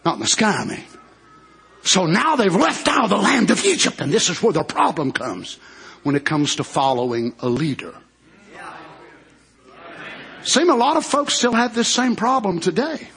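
A man preaching a fervent sermon, often breaking into shouted hallelujahs. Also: high voice, big pitch swings, moderate pace, long pauses.

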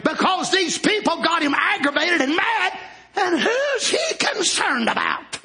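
A man preaching a sermon in a fervent manner, often shouting. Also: very high voice, sing-song, unhurried.

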